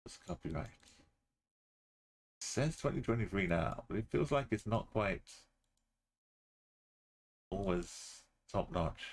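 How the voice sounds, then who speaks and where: Slow, gravelly man thinking aloud. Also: mid-range voice, very animated. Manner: muttering, thinking aloud, humming to himself. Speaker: streamer playing a geography game. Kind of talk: casual gameplay commentary.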